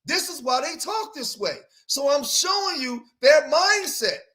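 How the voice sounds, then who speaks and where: Pushed and bright, his very high voice moves in big pitch swings at a slightly slow pace. He hosts a reaction commentary show on played clips, speaking emphatically and rhetorically and repeatedly asking listeners "right?"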